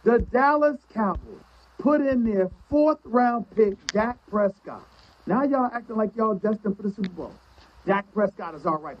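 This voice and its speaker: A man's voice: high-pitched, slight background noise. A man arguing in a heated sports debate on TV, mocking and taunting. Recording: lo-fi TV broadcast clip.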